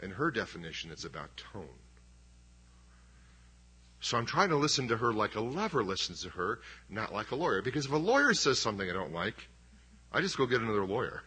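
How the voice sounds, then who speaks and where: A man's voice: lowish voice, very animated, a little fast, bright, forceful tone, breathy edge. A middle-aged man preaching a sermon as pastor, conversational and emphatic, with self-deprecating humor.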